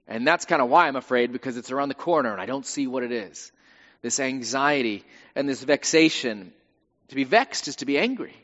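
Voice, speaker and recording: A male pastor with a medium-pitched, slightly bright voice preaches briskly, in a conversational style with wry humor. The church recording has a dull, lo-fi sound and long reverb.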